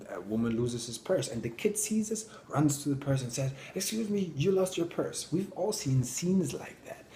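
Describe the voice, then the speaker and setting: Guy doing a motivational talk, animated, whispers sometimes, echoey room. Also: medium pitch, slight background noise. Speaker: speaker. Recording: roomy echo.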